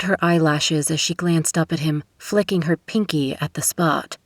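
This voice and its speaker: A woman reading a romance novel aloud in a steady, measured way. Her voice sits low, and the booth recording is close and completely dry. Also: no echo. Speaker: audiobook narrator. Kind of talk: scripted narration. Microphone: studio microphone.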